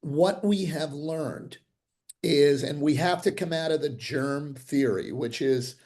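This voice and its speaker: A man's voice: fairly high pitch, slow. An older man, a dentist, telling stories animatedly in an interview over a video call, with frequent restarts. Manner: animated, acts out quoted voices, frequent restarts. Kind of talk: interview storytelling.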